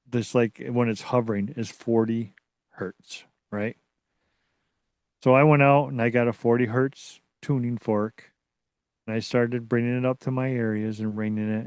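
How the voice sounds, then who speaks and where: A man being interviewed as a researcher, telling a story in a casual, excitable way that rambles and restarts. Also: mid-range voice, clear, resonant tone, no echo, clean studio sound. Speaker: guest, Bigfoot researcher.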